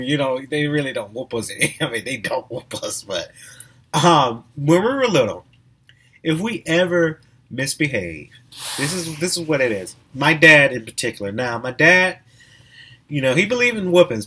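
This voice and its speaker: A young man hosting a podcast, telling stories in a casual, animated way with frequent laughs and restarts. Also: medium pitch, husky. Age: young adult. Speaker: podcast host. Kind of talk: casual storytelling monologue.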